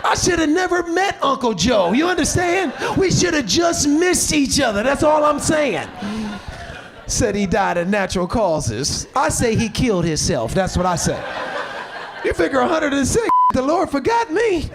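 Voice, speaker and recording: A man doing a stand-up comedy set on stage, talking in loose slang and shouting his punchlines. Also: very high voice, sing-song, moderate pace, over music, crowd noise. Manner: casual slang, drawled asides. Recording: live stage mic with audience noise.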